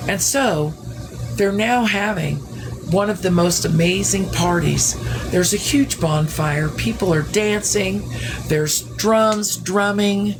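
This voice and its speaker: Against a noisy background, a woman with a medium-pitched voice tells a story casually. She speaks slowly and wonderingly, frequently restarting her sentences.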